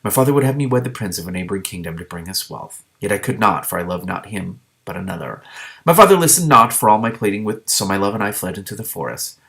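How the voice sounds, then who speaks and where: A weepy, melodramatic young princess, as a man reading aloud puts her on. She laments in stately, old-fashioned phrasing, close to his own low voice. Her grief is theatrical and never-ending. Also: expressive, fast, gravelly, a bit bright, heavily acted. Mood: lamenting. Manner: archaic, tragic phrasing.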